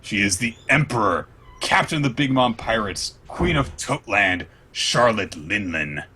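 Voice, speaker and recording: A man hosting a podcast, chatting casually and recapping comics in an animated way with plenty of fillers. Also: lowish voice, measured pace, a little hiss or hum. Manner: animated, retelling scenes with lots of fillers. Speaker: podcast host. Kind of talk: casual manga recap chat.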